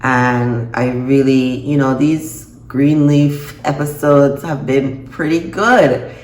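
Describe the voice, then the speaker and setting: Woman chatting thru a tv recap, super expressive, roomy echo. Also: a bass voice, takes it slowly. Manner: expressive, reacts with laughs and gasps. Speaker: TV episode reviewer. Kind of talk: casual recap vlog. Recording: echoey room, faint noise.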